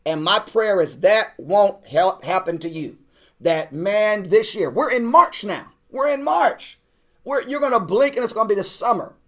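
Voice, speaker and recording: A man's voice: high-pitched, animated, unhurried. A man, a pastor, talking casually to an online class, urging and repeating himself as he builds energy. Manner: repetitive, exhorting, building to shouts; casual, uses "man" and "y'all". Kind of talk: energetic preaching pitch to an online audience.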